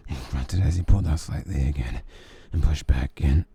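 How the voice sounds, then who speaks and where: Brief: man, whispered role-play storyteller, very dark and breathy voice. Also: rumbling low, no echo. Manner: slow, soft, intimate reading. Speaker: ASMR storyteller.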